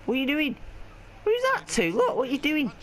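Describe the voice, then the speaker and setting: A man's voice: very high-pitched, huge pitch swings, a little fast, fairly bright tone, slight background noise. A young man giving live commentary on his own football video game match, ranting and swearing in frustration. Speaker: gaming video creator.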